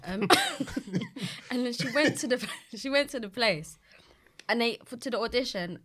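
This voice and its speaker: A woman's voice: on the high side, very animated, unhurried, a bit bright. Curious woman asking questions. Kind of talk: casual chat.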